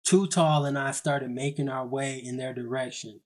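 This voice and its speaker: A man's voice: medium pitch, fairly even intonation, normal speed, a little mellow. A young man narrating a comedy story in a casual, slangy, self-mocking way.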